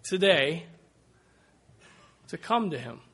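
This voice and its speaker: A man's voice: fairly high pitch, animated, takes it slowly, fairly bright tone, husky. A man preaching a sermon, making earnest, pleading appeals that suddenly swell in volume.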